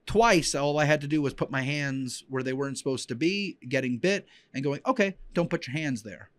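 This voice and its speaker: A man's voice: medium pitch, fairly quick, a bit bright, dry recording. Heartfelt man, dry close sound. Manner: rambling, heartfelt, many fillers and restarts. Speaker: podcast host and dog trainer. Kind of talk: emotional personal storytelling.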